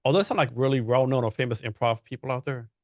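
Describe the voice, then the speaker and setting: A man's voice: medium pitch, fast, dry recording, studio quality. A man hosting a podcast in casual chat, asking long rambling questions full of fillers. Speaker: podcast host.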